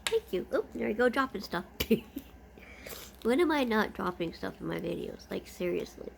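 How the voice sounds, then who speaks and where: A woman's voice: mid-range voice, sing-song, normal speed, gravelly, slight background noise. A woman vlogger chatting casually as she unboxes gifts, gushing and easily delighted.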